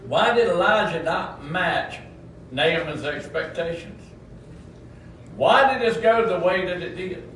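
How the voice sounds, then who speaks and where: A man preaching a sermon, his voice swinging widely between high, loud peaks and low, quiet asides. The sound is very roomy and echoing, picked up from a distance in a church hall. Faint ambience sits behind him. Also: expressive, measured pace, slight background noise.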